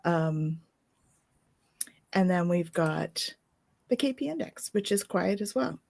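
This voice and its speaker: A woman's voice: lowish voice, animated, slow, creaky, a little mellow. A woman co-hosting a live spirituality stream, chatting casually and giggling easily as she rambles. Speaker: co-host of a spirituality live show.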